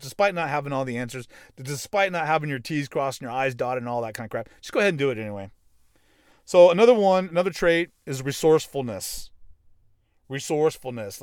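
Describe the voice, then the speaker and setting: A man's voice: on the high side, no room sound, studio quality. A man giving a blunt motivational talk, brash and profane, mocking people and hammering his points. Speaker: motivational speaker.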